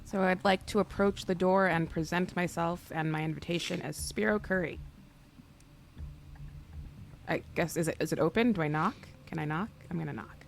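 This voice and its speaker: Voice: mid-range voice, moderate pace, creaky, a little hiss or hum. A player in a tabletop game, talking in a playful, easygoing way.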